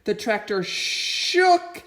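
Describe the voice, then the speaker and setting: A woman reading a children's picture book aloud, expressive and doing little voices for the animals. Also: medium pitch, extremely slow. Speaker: reader.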